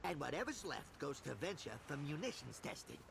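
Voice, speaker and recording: An actor voicing a gruff, brash male goblin boss in a video game, bossy and wisecracking. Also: fairly high pitch, sing-song, brisk, background noise, full character voice.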